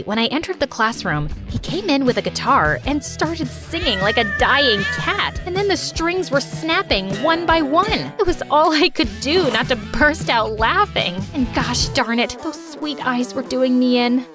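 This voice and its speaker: Lively young woman narrating a cartoon. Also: sits high. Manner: lively, wry storytelling. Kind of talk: scripted first-person narration of an animated story.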